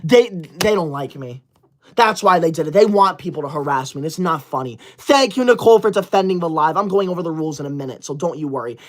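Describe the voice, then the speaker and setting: A man's voice: a little high, expressive, fast, close to an everyday voice. Touchy young male livestreamer, played by a man. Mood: indignant. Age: 20s. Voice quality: indignant, whiny, shouts at viewers. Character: touchy young male livestreamer, easily offended, self-important. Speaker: livestreamer reading super chats. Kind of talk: parody livestream skit.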